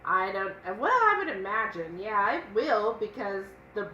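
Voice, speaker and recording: A woman's voice: medium pitch, big pitch swings, measured pace, sharp tone, reverberant, lo-fi sound, slight background noise. A woman co-hosting a casual cooking live stream, chatting and reading viewer comments aloud. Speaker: cooking channel co-host.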